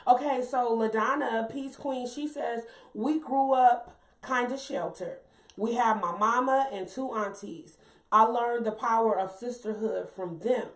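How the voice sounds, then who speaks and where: A woman from San Francisco with a fairly high voice chats casually on a talk show, reading listener comments and chiming in with agreement. She sounds distant from the mic, in a reverberant room. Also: measured pace. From San Francisco, Hunters Point. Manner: warm affirming interjections, reads listener comments. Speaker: co-host. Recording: roomy echo, far from the mic.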